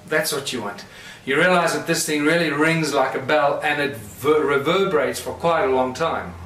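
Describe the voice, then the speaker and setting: A man's voice: fairly high pitch, moderate pace, noisy background. A man giving a conference lecture, explaining things and pointing them out to his audience as he demonstrates. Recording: echoey room.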